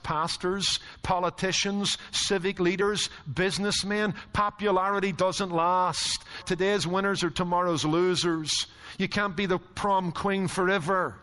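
In a church sanctuary, a high-voiced pastor delivers a sermon, moving between animated stories and rhetorical questions. His words trail off into the long reverb of the large hall.

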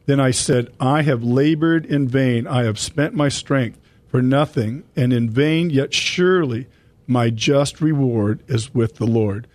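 A man's voice: mid-range voice, darkish tone, no echo. Man hosting a Christian radio show, dry sound. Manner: addresses listeners as folks, reads scripture slowly. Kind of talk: Bible study radio talk.

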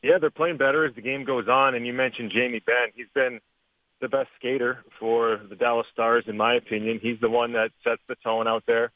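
A Canadian man and former hockey player talks through the game in a relaxed, chatty way, now and then laughing. His voice comes through a tinny phone line. The sound is dry and close. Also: mid-range voice, fairly quick, no echo. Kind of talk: phone interview, hockey analysis.

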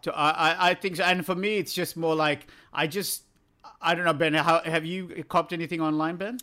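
Aussie guy host, bright voice, a bit high, jokey, swears. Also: steady tone, moderate pace. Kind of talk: casual chat.

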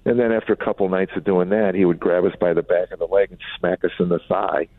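Deep gravelly man on a phone line. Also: fairly even intonation, fast, dry recording. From Chicago, USA. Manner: reflective, wry, acts out family quotes. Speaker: comedian and author, guest. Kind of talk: candid storytelling in an interview. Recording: dry phone-line sound.

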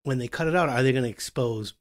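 A man hosting a talk show about home renovation, explaining with animated acted-out dialogue. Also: medium pitch, quick pace. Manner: animated, acts out customer and contractor voices. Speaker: podcast host.

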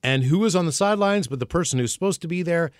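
A man's voice: a little high, fast, no room sound, clean studio sound. A man co-hosting a podcast, telling a story with energy and often restarting or repeating words as he goes. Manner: energetic, stumbles and repeats words when excited. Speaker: podcast co-host. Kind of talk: casual storytelling chat.

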